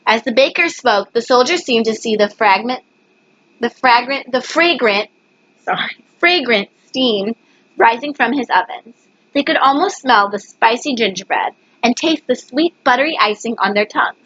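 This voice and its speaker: A woman's voice: on the high side, lively intonation, normal speed, fairly bright tone, no echo, muffled recording. A woman reading a picture book aloud, stumbling over words and correcting herself. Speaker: reader. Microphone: webcam.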